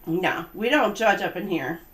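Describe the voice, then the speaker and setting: A woman's voice: on the low side, lively intonation, moderate pace. A woman doing a livestream tarot reading, chatty, emphatic and blunt. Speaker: tarot reader. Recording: echoey room with music behind. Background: background music.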